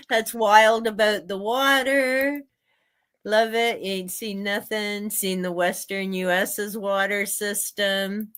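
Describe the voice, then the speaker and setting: A woman's voice: mid-range voice, steady tone, takes it slowly, a bit bright, smooth. A woman hosting a casual livestream, chatty and laughing often as she drifts into rants. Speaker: streamer and author hosting a reading sprint.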